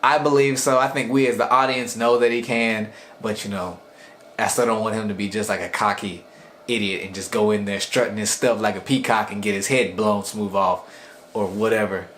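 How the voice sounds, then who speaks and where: A man's voice: lowish voice, steady tone, moderate pace, fairly bright tone, a little hiss or hum. Casual rambling young man reviewing anime. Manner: rambling, slangy, re-enacts characters.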